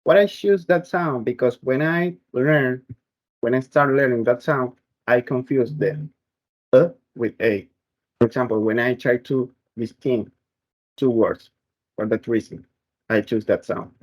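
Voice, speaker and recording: Slow, careful man explaining phonetics. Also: medium pitch, low-quality recording. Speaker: student presenter. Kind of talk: class project presentation.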